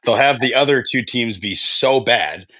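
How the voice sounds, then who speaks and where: A man's voice: mid-range voice, unhurried, bright, forceful tone, no room sound. A man hosting a sports podcast in casual chat, rambling and swearing freely. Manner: rambling, profane, self-correcting. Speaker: podcast host.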